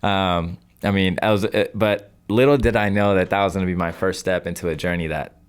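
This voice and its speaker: A man's voice: low voice, fairly even intonation, a little fast, smooth. A man in his twenties, a podcast guest, telling a story in casual talk and acting out his own past phone calls. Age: 20s. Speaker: podcast guest, real estate investor.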